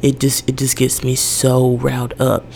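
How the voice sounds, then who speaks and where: A woman's voice: a bass voice, completely flat delivery, measured pace, vocal fry, a little mellow, slight background noise. A young woman hosting a podcast, speaking in a casual personal monologue that is emotional and rambling, with a lot of "like". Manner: emotional, rambling, heavy use of "like". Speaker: podcast host.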